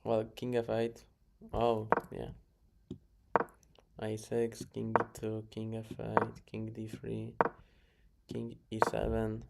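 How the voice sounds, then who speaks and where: A man's voice: on the low side, completely flat delivery, slow. A man casually reviewing his own chess games, muttering moves, correcting himself and chuckling along the way. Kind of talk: casual game review commentary. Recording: clear background noise.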